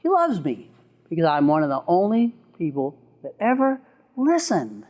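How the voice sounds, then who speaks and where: A man, a therapist, lecturing an audience with an animated, chuckling storytelling manner and sound effects. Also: a little high, moderate pace.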